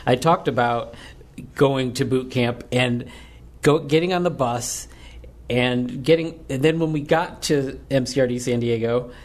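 A man co-hosting a podcast in casual chat, relaxed and joking. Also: medium pitch, unhurried. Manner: relaxed, joking, says "dude". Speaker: podcast co-host.

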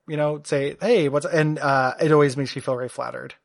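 A man's voice: medium pitch, flat delivery, a little fast, creaky. A man co-hosting a podcast in casual chat, rambling and self-deprecating with lots of fillers. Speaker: podcast co-host.

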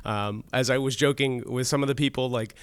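A man's voice: mid-range voice, fairly even intonation, a little fast, clean tone, dry recording, studio quality. A Catholic priest from Texas, a podcast guest who tells stories animatedly and acts out his quotes. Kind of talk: casual podcast chat.

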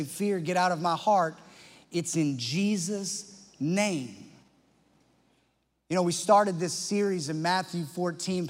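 A man preaching a sermon with passion, swinging from loud emphasis to hushed tones. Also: sits high. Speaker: pastor. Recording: long church-hall reverb with faint music.

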